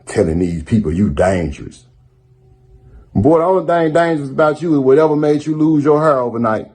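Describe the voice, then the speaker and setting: A man's voice: on the high side, animated, brisk, a little mellow. A man making a sarcastic, mocking callout. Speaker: rapper responding in a clip.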